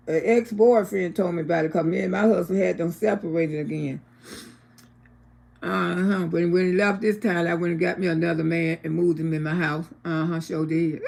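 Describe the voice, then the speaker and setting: An older woman telling stories casually on a livestream, acting out what people said to her. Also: vocal fry. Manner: animated, acts out quoted voices higher and louder. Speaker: livestream host. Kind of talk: casual storytelling to viewers.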